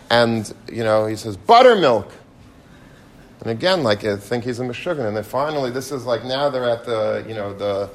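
A man gives a casual, story-filled sermon at a middle pitch. His stories move quickly, and his exhortations grow more heated and insistent. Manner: animated storyteller, rising to passionate exhortation. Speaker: rabbi giving a Torah talk.

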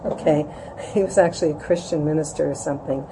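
A woman's voice: steady tone, quick pace, noisy background. A middle-aged woman giving an informal religious talk to a room, conversational and often asking "right?", acting out quoted voices. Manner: conversational, asks "right?" often, acts out quotes with rising pitch. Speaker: Jewish women's class teacher. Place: room with an audience.

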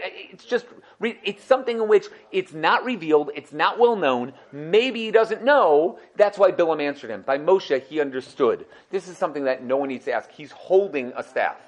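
A man giving a Torah class, animated, acting out quotes and asking the class questions. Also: fairly high pitch, normal speed, few pauses. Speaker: Torah teacher.

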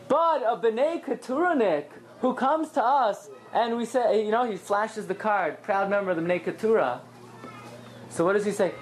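A woman teaching a lively Talmudic lesson, acting out quoted voices and asking and answering her own questions. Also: medium pitch, moderate pace. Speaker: Torah teacher.

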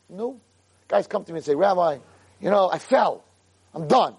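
A man's voice: fairly high pitch, a little fast, husky. A man teaching a Torah class as a rabbi, emphatic and full of rhetorical questions, acting out voices of people in the story. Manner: animated, emphatic, rhetorical questions, acts out dialogue.

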